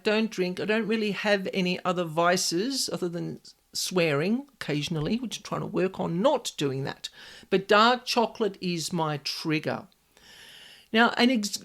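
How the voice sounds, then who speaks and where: An Australian woman hosting a solo podcast, telling a chatty personal anecdote and acting out her own inner voices. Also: mid-range voice. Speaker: podcast host, paranormal specialist. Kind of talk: casual solo podcast storytelling.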